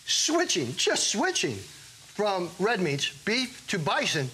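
A middle-aged man pitching his food products on a home shopping show, animated and joking, sometimes talking with his mouth full. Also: slow, slight background noise, poor audio. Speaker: guest brand founder.

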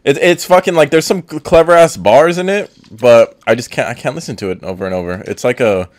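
A young streamer talks in a relaxed way, using lots of fillers and often pausing to snack. His mid-pitched voice is recorded dry and close, with no room sound. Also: no room sound. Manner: laid-back, filler-heavy, talks while eating. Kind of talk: casual live stream chat.

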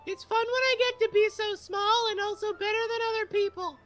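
A man voicing a tiny, feisty teen girl from a visual novel in a squeaky falsetto, reading her lines aloud for a stream. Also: steady tone, brisk, a bit bright, faint music behind. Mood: defensive. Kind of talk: reading game dialogue aloud in a put-on voice.

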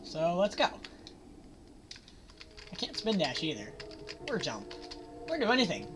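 A woman talks through a horror game in a slow, unhurried way, tossing out sarcastic jokes and mock-cheerful remarks. Her voice sits fairly low and leaps around a great deal in pitch. Loud game music plays clearly behind her. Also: wildly swooping pitch. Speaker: let's play gamer. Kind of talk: gameplay commentary.

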